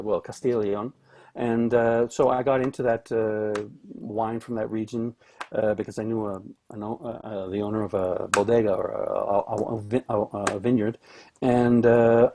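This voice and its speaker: A man's voice: mid-range voice, warm tone. Rambling Canadian man on a video call. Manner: rambling, with many restarts and fillers. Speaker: guest, orchestral cellist. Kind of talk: casual chat on a video call.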